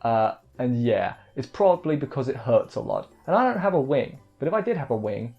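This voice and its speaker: A man's voice: medium pitch, sing-song, a little fast, gravelly. Rambling man recapping an anime episode. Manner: rambling, restarts words, many "like" and "you know" fillers. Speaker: anime reviewer. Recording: dull lo-fi audio with faint music.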